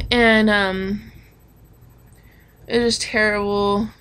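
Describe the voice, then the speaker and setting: A young woman tells a personal story in a candid vlog, frank and confessional, swearing freely and filling it with ums and likes. Her mid-range voice is animated, bright, and forceful, delivered extremely slowly.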